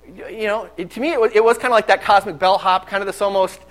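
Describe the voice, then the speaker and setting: A man with a high voice preaching a sermon. He talks candidly and conversationally, telling his own stories to the congregation. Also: steady tone, fast, a little hiss or hum, low-quality recording.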